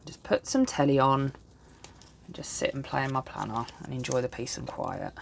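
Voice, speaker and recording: A rumbling low, creaky voice at normal speed comes through with a touch of hiss or hum. It belongs to a woman in her thirties who vlogs about planners; worn out and yawning, she chats casually and self-deprecatingly, rambling as she sets up her planner at home.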